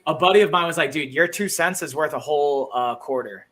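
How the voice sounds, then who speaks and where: A man's voice: fairly high pitch, a little fast, a bit bright. A man co-hosting a live stream, chatting casually and answering viewers. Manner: chatty, says dude and like.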